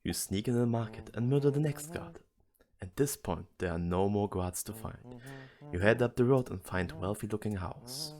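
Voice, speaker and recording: A man reading an AI-generated adventure story aloud in a deadpan manner. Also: lowish voice, normal speed.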